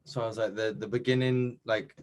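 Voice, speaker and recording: A man's voice: lowish voice, steady tone, fairly quick. Young welsh guy chatting in an interview, modest, lots of ums and restarts. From Wales. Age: young adult. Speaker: interviewee, competition winner. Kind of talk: casual chat.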